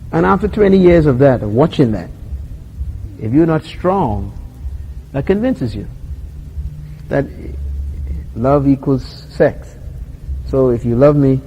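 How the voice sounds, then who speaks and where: A man's voice: on the high side, a little hiss or hum, low-quality recording. A middle-aged man with a Bahamian accent, preaching a sermon and acting out little scenes, laughing often as he tells them. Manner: animated storyteller, acts out voices, laughs often. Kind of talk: sermon with acted-out anecdotes.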